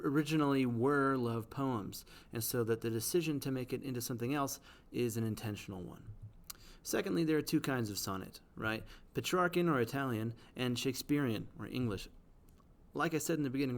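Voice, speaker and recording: A male teacher giving a recorded lesson, explaining step by step, often checking understanding and tapping out rhythms aloud. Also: mid-range voice. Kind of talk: classroom lecture video.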